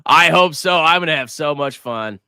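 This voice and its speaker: Man, sarcastic livestream host, lively pitch swings, dry close sound. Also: moderate pace, clear, resonant tone, no echo. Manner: sarcastic, mocking, excitable. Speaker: personal finance streamer. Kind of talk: casual livestream commentary.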